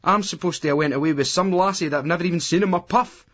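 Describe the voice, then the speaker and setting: A man's voice: high voice, quick pace, a bit bright, lo-fi sound, voice pushed up. A man with a Scottish accent voicing a brash young lad who rants and swaggers. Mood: ranting. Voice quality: ranting, swaggering.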